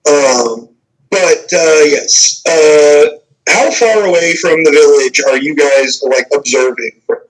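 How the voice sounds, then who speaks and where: Halting man running a tabletop game. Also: fairly high pitch, low-quality recording. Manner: halting, many fillers. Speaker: game master.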